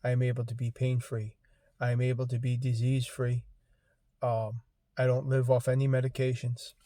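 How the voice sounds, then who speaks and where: A man's voice: medium pitch, completely flat delivery, warm tone, no room sound. Choked-up man in his fifties. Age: 50s. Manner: halting, many ums and restarts. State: choked up, fighting tears. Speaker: vlogger. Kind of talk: emotional personal vlog appeal.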